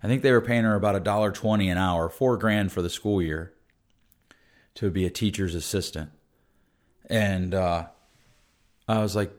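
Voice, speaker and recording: A man's voice: sits low, normal speed, pauses often. A middle-aged man talking earnestly and conversationally as a podcast host, often restarting his sentences. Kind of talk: podcast monologue.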